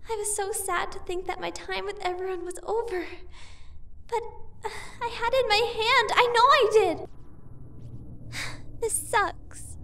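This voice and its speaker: A woman's voice: very high-pitched, steady tone, unhurried, pauses often, fairly bright tone, heavily acted. A woman voicing a frightened teenage schoolgirl in a fan game dub, talking anxiously to herself. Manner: anxious, breathless self-talk.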